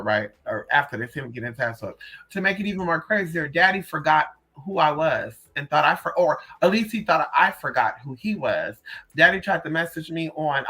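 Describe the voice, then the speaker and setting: A young man telling a story in a casual, animated way, sassy and full of profanity. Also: on the high side. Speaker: vlogger.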